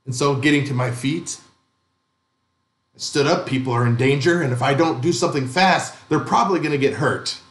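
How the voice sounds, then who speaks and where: A man's voice: medium pitch, moderate pace, a bit bright, roomy sound. A male pastor reading a story aloud in dramatic first person during a sermon.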